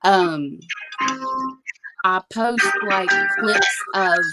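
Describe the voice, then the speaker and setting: Woman co-host with a mid-range pitch, rambling and hedging, loud music playing underneath. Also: drawn-out words, rough recording. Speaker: livestream co-host and medium. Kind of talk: casual livestream chat.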